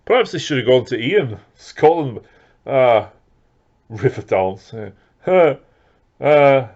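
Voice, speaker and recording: Middle-voiced man, unhurried unboxing chat full of ums and restarts; muffled lo-fi home recording. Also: medium pitch, animated, a little mellow. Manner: rambling, with many fillers and restarts. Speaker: record collector vlogger.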